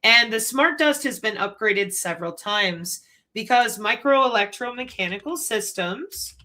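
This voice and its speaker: A woman hosts her own channel and lectures in an animated, conspiratorial way, throwing in rhetorical questions. Her voice is bright and sits a little high. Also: unhurried. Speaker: channel host. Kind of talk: commentary.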